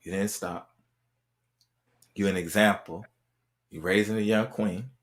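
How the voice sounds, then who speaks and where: During a podcast interview, the male host speaks unhurriedly in a fairly low, fairly even voice. He's relaxed and encouraging, often repeating phrases like "right."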